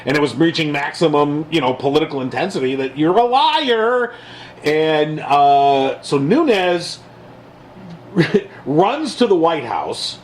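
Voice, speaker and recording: A man's voice: fairly high pitch, slow, slight background noise, poor audio. A man co-hosting a podcast, talking politics in a casual, sarcastic way and mocking people in a raised voice. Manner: animated, mocking quotes in a raised voice. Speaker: podcast co-host.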